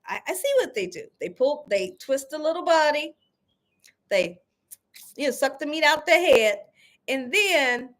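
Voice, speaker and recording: Cooking lady on a live stream, high voice, takes her time, laughs a lot, reads out chat. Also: a bit bright. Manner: laughs often, emphatic and playful; reads viewer comments aloud. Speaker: cooking channel host.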